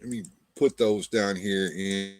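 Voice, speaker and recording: Halting low-voiced male stream host. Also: steady tone. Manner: halting, repeats words with many fillers. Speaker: show host. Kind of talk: casual livestream chat.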